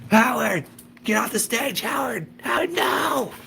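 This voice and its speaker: A man voicing a panicked teenage boy guitarist yelling at a dog on stage. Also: very high voice, animated, measured pace, creaky, slight background noise, pitched above the performer's own voice, exaggerated voice. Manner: yelling, desperate.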